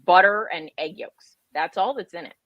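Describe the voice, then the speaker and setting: A woman's voice: on the low side, moderate pace, dry recording, lo-fi sound. A woman guest on a livestream interview, chatting casually and laughing often. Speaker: guest, keto author and podcaster.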